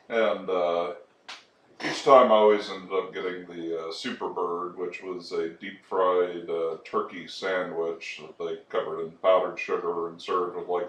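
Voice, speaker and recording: A man from Texas co-hosting a podcast in casual, profane chat, with a dry delivery that breaks into loud laughs. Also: low-pitched, recorded from a distance, slight background noise. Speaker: podcast co-host. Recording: roomy echo.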